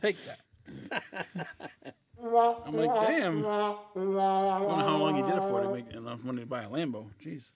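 A man's voice: high voice, normal speed, long pauses, soft background music. A man co-hosting a podcast, telling jokey stories in casual chat. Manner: jokey storyteller, lively delivery. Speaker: podcast co-host.

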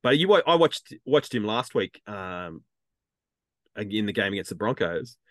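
A man's voice: lowish voice, sing-song, moderate pace, fairly bright tone, no echo, studio quality. A man co-hosting a sports podcast, thinking aloud with hesitant ums. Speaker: podcast co-host. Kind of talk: casual sports chat.

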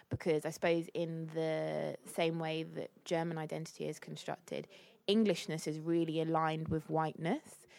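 Deep, gravelly woman asking thoughtful questions. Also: a little mellow. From Britain. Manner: thoughtful, asks open questions, frequent mm-hmms. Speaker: podcast co-host. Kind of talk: casual discussion.

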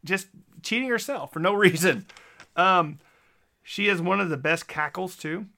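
Lisping man with a gravelly, bright voice. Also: high voice, measured pace. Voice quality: slight lisp. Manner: enthusiastic, stumbles over words. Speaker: podcast host. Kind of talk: casual chat.

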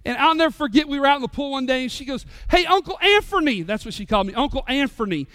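A middle-aged male pastor, preaching a sermon with animated, joking stories. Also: extremely high pitch, very fast, smooth, dry recording.

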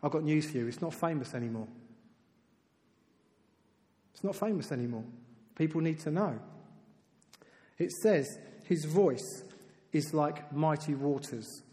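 A man preaching a sermon in a lively, conversational way, dropping to soft, emphatic tones for key points. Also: on the high side, unhurried, pauses often. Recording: reverberant hall.

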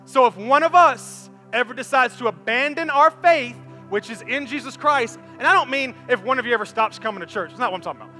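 A man preaching a lively, conversational sermon in a church, joking with the congregation and demonstrating on stage. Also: very high voice, long reverb tail. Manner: animated, conversational, repeats words, jokes with congregation. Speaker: pastor.

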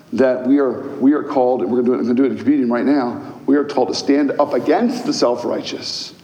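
A man preaching a sermon as pastor, musing at times and rising to loud, emphatic proclamation. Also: mid-range voice, fairly even intonation, quick pace, hardly any pauses. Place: church. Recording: echoey church hall.

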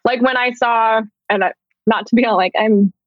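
A woman's voice: on the high side, steady tone, normal speed, no echo. A woman author and journalist chatting as a podcast guest in a talkative, self-conscious way, peppering her speech with "like". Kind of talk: casual podcast interview. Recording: dull lo-fi dry sound.

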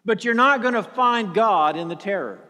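A man preaching a sermon in an earnest, halting way, often repeating words and sinking to a near whisper for emphasis. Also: high voice, animated, bright, forceful tone, long reverb tail.

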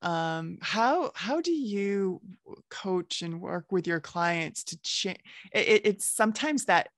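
A woman hosting an interview, asking questions in a thoughtful, hesitant way with many pauses. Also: mid-range voice, animated, dry recording, studio quality. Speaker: host. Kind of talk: casual interview chat.

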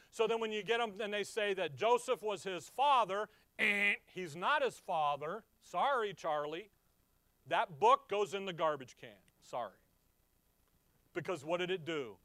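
Man, high voice, conversational and emphatic Bible teaching, dry close sound. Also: no echo. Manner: conversational, asks the listeners questions; emphatic, swings from loud to quiet. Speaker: preacher.

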